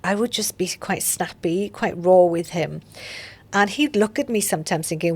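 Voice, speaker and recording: A woman's voice: fairly low pitch, a little fast, gravelly. A woman, a podcast guest, telling her story openly and reflectively. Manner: open, reflective, with soft laughs. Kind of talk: candid interview storytelling.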